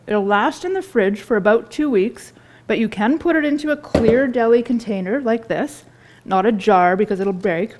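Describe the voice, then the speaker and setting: A woman's voice: a little high, normal speed, a little mellow, a little hiss or hum. A woman, a chef giving a live cooking demonstration in a store kitchen, chatty and enthusiastic as she tastes food while she talks.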